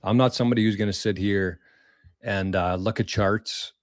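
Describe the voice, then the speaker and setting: A man's voice: lowish voice, steady tone, normal speed, no room sound, studio quality. A man hosting a casual live stream, thanking viewers for tips in a rambling way, repeating words and using mild slang. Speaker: livestream host reading viewer tips.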